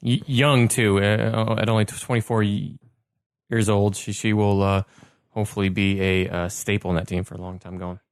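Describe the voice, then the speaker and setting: A man co-hosting a podcast, chatting about soccer with halting restarts. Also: lowish voice, level tone, smooth, dry recording, studio quality. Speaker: podcast co-host. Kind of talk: casual sports chat.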